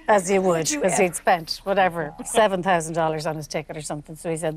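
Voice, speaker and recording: A woman's voice: fairly low pitch, steady tone, quick pace, few pauses, a loud crowd, heavy background noise. A woman telling a comic anecdote, laughing often as she talks. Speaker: storyteller.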